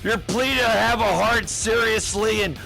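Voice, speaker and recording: A man's voice: high voice, unhurried, creaky, music in the background. A man voicing a cruel male dictator who barks cold, murderous orders. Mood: menacing.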